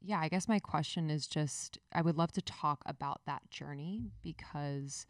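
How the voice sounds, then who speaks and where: A woman's voice: low voice, normal speed, dry recording, clean studio sound. A woman co-hosting a podcast, asking a guest a long, effusive, rambling question. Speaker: podcast co-host. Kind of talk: interview questions.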